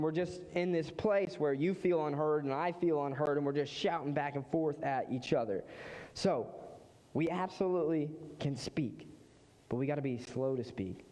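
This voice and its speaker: A man's voice: a little high, warm tone. A man, a pastor, preaching a sermon in a conversational way, with emphatic repeated phrases. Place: church sanctuary. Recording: long reverb of a large hall.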